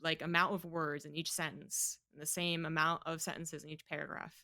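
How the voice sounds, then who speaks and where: A woman with a low-pitched but bright voice, recorded close and dry. She hosts a casual podcast and reflects on her guest's points with a loose, conversational manner. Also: level tone, brisk, no room sound. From United States. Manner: reflective, conversational, trails with fillers. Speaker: podcast host.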